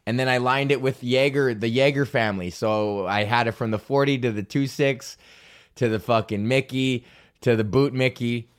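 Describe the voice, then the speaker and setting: A man's voice: mid-range voice, steady tone, moderate pace. A man hosting his own podcast, talking in a rambling, profane, self-mocking way. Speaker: podcast host. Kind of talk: casual solo podcast rant.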